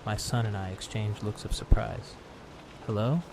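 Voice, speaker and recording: A man narrating a horror story in a calm, even storytelling manner, made to help listeners fall asleep. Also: on the low side, moderate pace, background noise. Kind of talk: calm scripted narration for sleep. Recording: clear rain sounds behind voice. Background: steady rain.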